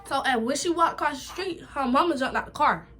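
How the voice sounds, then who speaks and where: A young woman with a New York accent tells a story in a lively, slang-filled way and keeps saying "boom" to move it along. Her voice is bright and sits fairly high. A faint hiss runs under the recording. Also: fairly quick. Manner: animated, chatty, slangy retelling with repeated "boom". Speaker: vlogger. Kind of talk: casual storytime.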